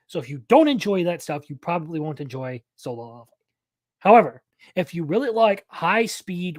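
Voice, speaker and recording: A man's voice: high voice, dry recording. A young man hosting a live anime news stream, talking casually and rambling, often correcting himself mid-sentence.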